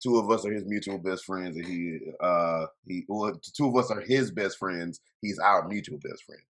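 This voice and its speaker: A young man hosting a casual podcast, talking quickly and loosely with swearing and restarts. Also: low-pitched, a bit bright. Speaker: podcast host. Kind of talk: casual chat.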